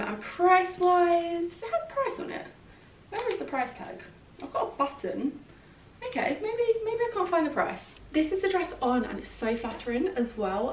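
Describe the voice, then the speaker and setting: A young British woman chatting casually and gushingly through a clothing try-on at home, full of "like" and enthusiasm. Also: fairly high pitch. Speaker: fashion vlogger. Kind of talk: casual try-on haul chat. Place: at home in her flat. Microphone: camera mic set a little way off. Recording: roomy echo, distant mic, faint room hum.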